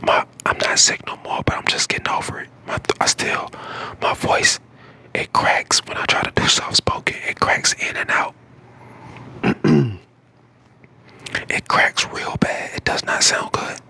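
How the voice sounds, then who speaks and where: A man in his twenties from St. Louis, whispering casual chat to viewers on an ASMR live stream, hoarse from a lost voice. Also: measured pace, bright, forceful tone. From St. Louis, Missouri. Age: 20s. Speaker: ASMR creator.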